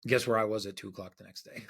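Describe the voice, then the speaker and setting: A man's voice: mid-range voice, sharp tone, slightly rough. A man being interviewed as a podcast guest, telling a story casually and acting out the quotes with animation.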